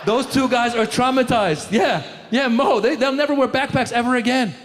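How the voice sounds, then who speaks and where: High-voiced male stand-up comedian. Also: big-room sound, noisy background. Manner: quick, mocking, talks straight to the crowd. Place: live comedy stage before an audience.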